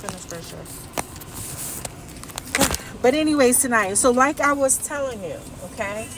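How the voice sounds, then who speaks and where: Woman, high and heated, swearing lecture to a phone from her car seat; vlogger rant. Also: fairly quick, noisy background. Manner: profane, heated, lecturing, keeps tagging "okay?". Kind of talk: casual rant to camera. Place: inside a parked car.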